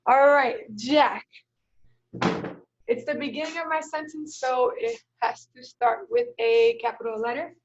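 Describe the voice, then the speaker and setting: Slow, high-voiced kindergarten teacher. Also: female voice, fairly even intonation, muffled recording. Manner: slow, patient, sounds out words letter by letter. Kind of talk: live online lesson, modeling writing.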